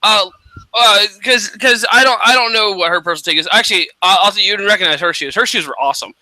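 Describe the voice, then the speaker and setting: A man chats casually on a talk radio show, stopping and restarting his sentences often. His voice is fairly high and very bright, and it is recorded close and dry with no room sound. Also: no echo, rough recording. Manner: halting, many restarts and fillers. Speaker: podcast co-host. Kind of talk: casual chat.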